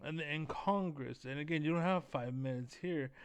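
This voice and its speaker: Smooth-voiced man ranting, blunt and profane. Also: a little high, normal speed, dry recording. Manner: profane, blunt, many fillers like 'basically'. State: keyed up, energetic. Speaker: online commentator reacting to a video. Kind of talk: heated ranting commentary.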